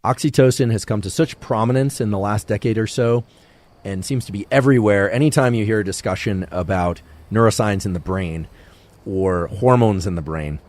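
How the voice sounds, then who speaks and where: Low-voiced man calmly explaining science. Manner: calm, explanatory, measured. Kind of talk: science podcast lecture.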